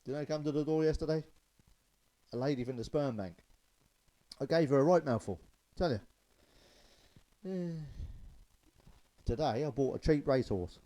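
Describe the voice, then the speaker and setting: A man's voice: mid-range voice, normal speed, pauses often, mellow, rough recording. A man telling stand-up jokes, loose and chatty, chuckling at his own punchlines. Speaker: stand-up comedian.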